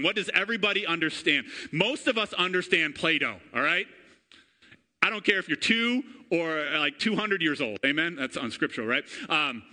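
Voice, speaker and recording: A man in his thirties preaching a sermon to a congregation, energetic and chatty, often calling out for amens and asking the room questions. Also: on the high side. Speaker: pastor. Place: church before a congregation.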